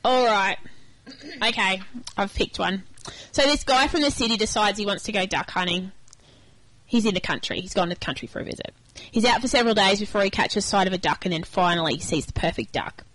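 A woman's voice: medium pitch, a little fast, poor audio. A woman, co-hosting a radio show in casual chat and telling a long joke with character voices. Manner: chatty, tells jokes with lively character voices. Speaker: radio co-host.

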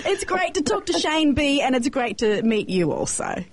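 Cheerful high-voiced woman co-host. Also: sing-song, moderate pace. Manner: cheerful, laughing. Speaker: radio co-host. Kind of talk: live radio interview.

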